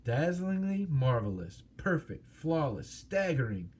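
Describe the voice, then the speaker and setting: A man voicing a small, nervous male hobbit, husky and fussily polite, flattering in a storybook reading. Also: mid-range voice, normal speed. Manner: timid, overly polite flattery.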